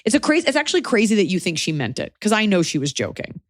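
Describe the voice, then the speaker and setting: A woman's voice: mid-range voice, very animated, no echo, clean studio sound. A woman hosting a podcast, giving advice in casual chat with a wry, opinionated delivery. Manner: wry and opinionated, slips into quick mock voices. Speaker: podcast host.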